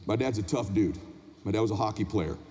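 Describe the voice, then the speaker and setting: A man's voice: on the low side, a little fast, warm tone. A man giving an impassioned motivational speech from a convention stage, pressing the crowd with questions. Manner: impassioned, preaching to the crowd, asks the room questions. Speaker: motivational speaker. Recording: long reverb of a convention hall.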